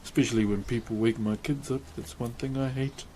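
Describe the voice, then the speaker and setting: A man's voice: medium pitch, steady tone, fairly quick, mellow, a little hiss or hum. A young man with a New Zealand accent, chatting casually on a live stream while he carves wood, laid-back and laughing often. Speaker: streamer and woodcarver.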